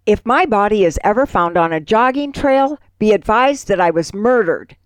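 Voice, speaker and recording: A woman's voice: mid-range voice, lively intonation, moderate pace, dry recording. A woman co-hosting a radio show, chatting casually and telling jokes with a playful, easy laugh. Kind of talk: casual chat and joke telling.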